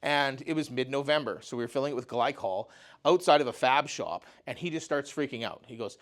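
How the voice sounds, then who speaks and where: A man's voice: mid-range voice, brisk. A man speaking at a mental health talk and telling a personal story in a conversational way, often saying "you know" and "right?".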